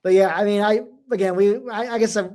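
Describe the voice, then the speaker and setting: Fast-talking man chiming in. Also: sits high, steady tone, a little mellow. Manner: quick, chiming in with short agreements. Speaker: podcast co-host. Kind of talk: casual chat.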